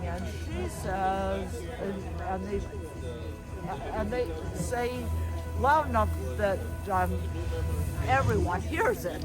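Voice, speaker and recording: A woman telling a folk tale to an audience in a relaxed way, with small fillers. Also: medium pitch. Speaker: storyteller. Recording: loud music behind.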